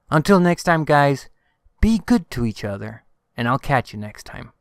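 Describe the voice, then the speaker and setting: Furious man ranting with smooth voice. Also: medium pitch, big pitch swings, normal speed, dry recording, clean studio sound. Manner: emphatic, exhorting, repeats calls to action. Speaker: channel host. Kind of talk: angry political rant to camera.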